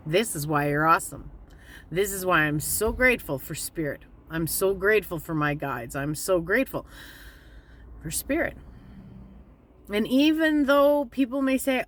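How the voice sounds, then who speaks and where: A woman giving a casual, candid motivational talk as a spiritual vlogger, plainspoken and slowing down to stress her points. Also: medium pitch, fairly bright tone, a little hiss or hum.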